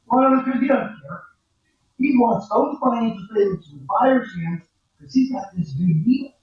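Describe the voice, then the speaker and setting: A man's voice: extremely high pitch, lively intonation, normal speed, recorded from a distance, dull audio. A male accounting professor giving a blunt, conversational classroom lecture. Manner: blunt, conversational, acts out client quotes. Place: large echoey lecture hall. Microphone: far from the mic. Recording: echoey classroom recording from afar.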